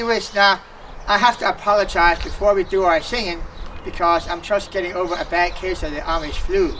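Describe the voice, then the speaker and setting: A man's voice: sits high, a bit bright, a little hiss or hum. A man performing a folksy comic stage monologue at an outdoor folk festival, joking and mixing in dialect phrases. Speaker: festival entertainer. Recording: distant outdoor festival recording.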